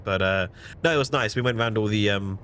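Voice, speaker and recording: A man's voice: lowish voice, quick pace, a bit bright, slight background noise. A man co-hosting a casual livestream, a little sick, chatting directly to his viewers. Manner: chatty, addresses chat directly. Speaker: streamer co-host.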